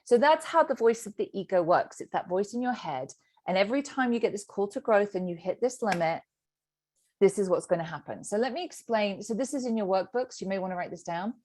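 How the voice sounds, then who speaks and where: A woman's voice: mid-range voice, fairly quick. A middle-aged woman, a sobriety coach teaching a group session and acting out the inner voice. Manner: animated, acts out inner voices.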